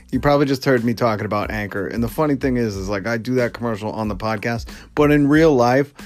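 A man hosting his own podcast, talking casually in a rambling, jokey way with lots of asides. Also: medium pitch. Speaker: podcast host. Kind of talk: casual solo podcast monologue.

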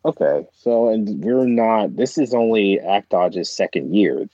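A man's voice: lowish voice, animated, measured pace, warm tone, no room sound, highs cut off. A man in a casual chat, rambling with many restarts and fillers, as a podcast co-host.

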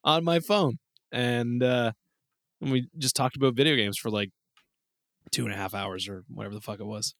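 A man telling a story with animated, casual speech and easy swearing, as a podcast host. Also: medium pitch, moderate pace, pauses often, no echo, clean studio sound. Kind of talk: casual chat.

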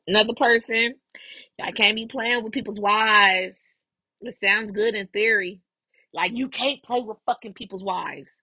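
Young woman gossiping on her podcast w/ AAVE, bright voice kinda breathy, dry close mic. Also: mid-range voice, no echo. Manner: animated, profane, laughing often. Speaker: podcast host. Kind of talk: casual gossip commentary.

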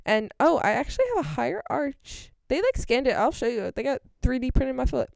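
A young woman chats casually and tells a story with lots of fillers. Her voice sits high and swings widely, with a gravelly fry at the ends of phrases. The sound is close and dry. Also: brisk, no echo. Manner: animated storytelling with many fillers. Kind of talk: casual chat.

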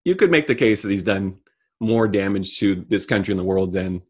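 A middle-aged man co-hosting a casual comedic chat, delivering deadpan mock rants. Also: lowish voice, moderate pace, breathy edge. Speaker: podcast co-host.

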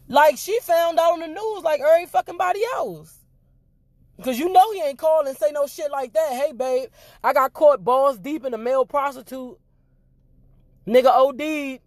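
Loud, profane woman ranting to camera. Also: high voice, no echo. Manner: loud, animated, cussing freely. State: voice giving out. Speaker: vlog host. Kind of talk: profane rant to viewers.

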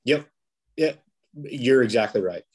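Husky-voiced man telling a story. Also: medium pitch, expressive, a little slow. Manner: rambling, many restarts and fillers. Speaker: podcast guest, police officer. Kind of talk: casual interview storytelling.

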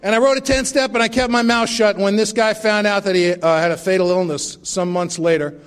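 A man's voice: sits high, fairly even intonation, brisk, a bit bright, clean tone. A middle-aged man sharing his recovery story at a meeting, with wry, self-mocking humor.

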